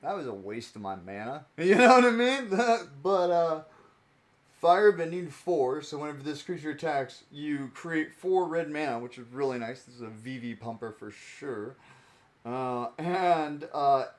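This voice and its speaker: A man's voice: on the high side, unhurried. A young man streaming, chatting casually and joking as he sorts cards, laughing often and playing with mock accents. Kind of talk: casual stream chat while sorting cards.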